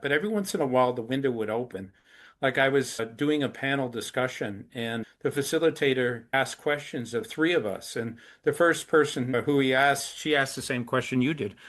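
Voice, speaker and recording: A man's voice: medium pitch, fairly bright tone. A middle-aged man being interviewed, earnestly explaining hard subjects through step-by-step examples. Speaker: anti-trafficking activist, interview guest. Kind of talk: conversational interview.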